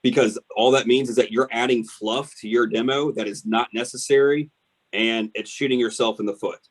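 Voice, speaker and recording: A man's voice: mid-range voice, steady tone, normal speed. A man coaching salespeople emphatically on a team call. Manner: emphatic, direct coaching with "y'all". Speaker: sales trainer.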